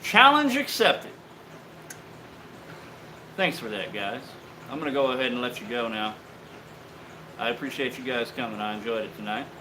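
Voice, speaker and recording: Easygoing male maker host, mid-pitched, faint hum behind. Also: brisk, low-quality recording. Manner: relaxed, joking, swears freely, many fillers. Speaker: host, bladesmith on a live stream. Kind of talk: casual live-stream sign-off.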